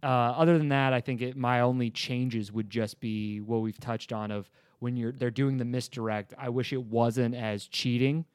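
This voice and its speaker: Male podcast host, mid-pitched, loose and rambling delivery, dry booth sound. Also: moderate pace, few pauses, no room sound. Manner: relaxed, rambling, laughs often. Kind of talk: casual movie review chat.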